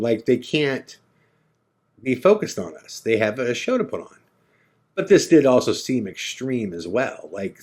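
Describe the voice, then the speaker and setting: A male podcast host telling a story in a casual, animated way, acting out the lines of the people in it. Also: on the low side. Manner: animated, acts out dialogue.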